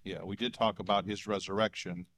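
Hesitant low-voiced man in discussion. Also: fairly even intonation, brisk, fairly bright tone. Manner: hesitant, with many restarts and chuckles. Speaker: church leader drafting a statement of belief. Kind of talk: casual group discussion.

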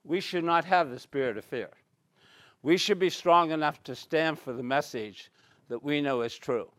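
A man's voice: on the high side, moderate pace, a bit bright, dry recording. A man preaching a bible study sermon, reading scripture aloud and stressing key words.

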